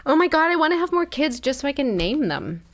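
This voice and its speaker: Lively, teasing woman podcast co-host. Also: high-pitched, fast. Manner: blunt, teasing, swears freely. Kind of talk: casual chat.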